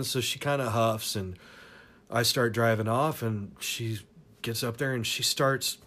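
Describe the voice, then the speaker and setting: A man's voice: mid-range voice, unhurried, fairly bright tone. A man casually telling a crude personal story, rambling and profane, often laughing as he goes. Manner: rambling, profane, laughs through his stories.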